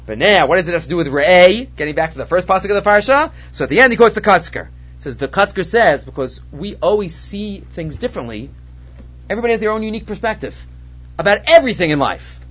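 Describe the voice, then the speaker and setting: A man's voice: high voice, fast talker. A man teaching a Torah class on the weekly portion, mixing Hebrew terms into his English and acting out the voices he quotes. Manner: expressive, acts out quoted voices. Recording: dull lo-fi recording.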